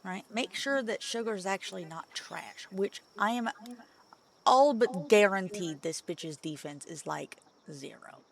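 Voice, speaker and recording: A young adult woman streaming a game, excitable and swearing freely as she chats. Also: mid-range voice, measured pace, creaky. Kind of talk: casual gameplay chat.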